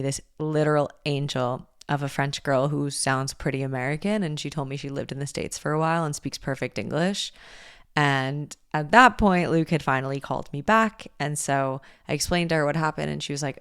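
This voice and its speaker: A young woman hosting a podcast, telling a personal story in a candid, animated way and swearing freely. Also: sits low, a little fast, clean tone, no room sound, studio quality. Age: young adult. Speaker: podcast host. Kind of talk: casual storytelling monologue.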